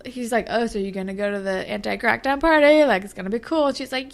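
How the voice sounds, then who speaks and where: A woman's voice: medium pitch, a little fast, creaky, a bit bright. A young woman co-hosting a podcast, recapping episodes in casual chat and acting out the characters' lines in exaggerated voices. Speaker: podcast co-host.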